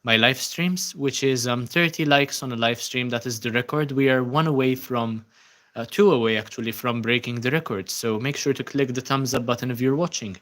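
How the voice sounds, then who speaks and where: A man's voice: mid-range voice, normal speed. A young man from Malta hosting a casual livestream, reading out viewer comments with lots of ums and uhs. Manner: relaxed, many ums and uhs, thanking viewers. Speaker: livestream host.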